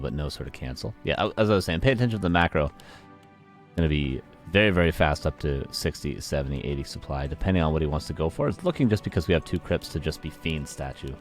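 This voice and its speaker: Very deep-voiced male game caster. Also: gravelly. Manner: chatty, talks to the chat and laughs at himself. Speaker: esports caster. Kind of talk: live play-by-play game commentary. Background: game music and sound effects.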